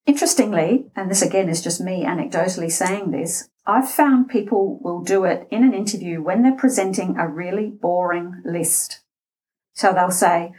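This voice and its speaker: A middle-aged Australian woman, a voice and interview coach, explaining speech habits in a deliberate way, with a slightly scratchy voice and shifts in pace and loudness for emphasis. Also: on the low side. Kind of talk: instructional talk.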